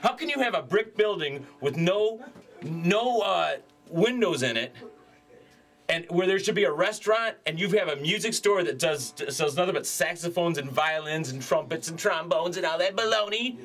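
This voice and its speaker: Man, brash hard-sell pitch, ranting, loud outbursts then mutters, slightly high voice. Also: animated, normal speed. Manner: brash and ranting, swings between shouting and mutters. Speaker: music store owner pitching instruments.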